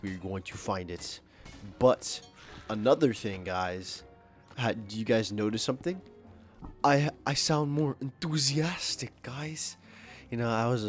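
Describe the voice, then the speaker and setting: A young man with a fairly low voice rambles through his gameplay commentary. He talks loosely and swears a lot, full of fillers and restarts. Faint music plays behind him. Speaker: gaming video creator. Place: home, at his computer.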